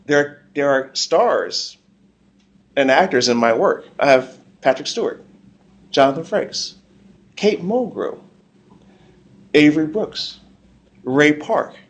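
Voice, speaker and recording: Blunt, animated comic creator on a panel. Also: male voice, fairly high pitch, takes it slowly, pauses often. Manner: blunt, animated, repeats words. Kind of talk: casual panel talk. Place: convention panel room.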